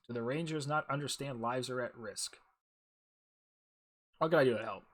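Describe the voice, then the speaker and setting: A man's voice: on the high side, lightly acted. Man reading an impatient jailed healer. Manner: curt, indignant. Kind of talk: reading game dialogue aloud.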